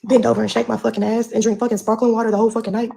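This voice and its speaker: Profane, gravelly-voiced woman ranting on a livestream. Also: on the high side, little pitch movement, racing, mellow, a little hiss or hum. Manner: profane, confrontational, drawling. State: pregnant. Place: at home.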